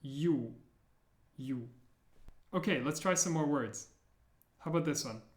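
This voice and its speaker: A man teaching the sounds of an alphabet, repeating each one slowly and clearly, with playful memory tricks. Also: a little high, echoey room. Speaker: language teacher. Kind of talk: slow, deliberate pronunciation lesson.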